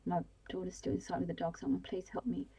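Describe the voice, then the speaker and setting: A frantic young mother pleads in a hushed, husky whisper, as a woman reads her part. It is whispered role-play in a bedtime storybook voice, low and mellow. The desperation sits inside the whisper. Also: quick pace, full character voice. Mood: pleading. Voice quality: soft, breathy, unvoiced.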